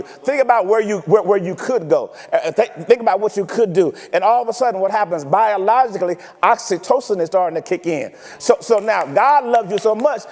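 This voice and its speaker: High-voiced preacher in an echoing church. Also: male voice. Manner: animated, teasing preaching with rhetorical questions. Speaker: pastor. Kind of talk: sermon. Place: church sanctuary.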